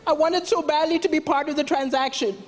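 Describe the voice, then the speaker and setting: A man from Malawi, performing a stand-up comedy routine with deadpan storytelling and sudden loud punchlines on a theatre stage. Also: very high-pitched, fairly quick. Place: theatre stage before a live audience. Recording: live show with crowd laughter and noise.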